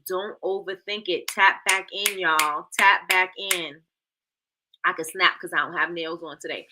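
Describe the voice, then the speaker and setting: Bright-voiced woman hosting a livestream. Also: medium pitch. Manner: playful, repeats herself, addresses chat as y'all. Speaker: livestream host. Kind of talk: casual livestream coaching.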